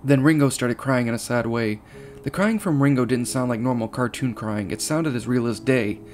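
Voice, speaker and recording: A man reading a horror story aloud, steady, with small slips and restarts. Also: medium pitch, moderate pace. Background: faint guitar music.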